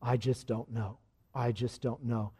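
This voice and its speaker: A man preaching a sermon, swinging from hushed, quiet lines to loud, rising passages and leading his congregation in repeating phrases. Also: mid-range voice, steady tone, unhurried, husky. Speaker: pastor.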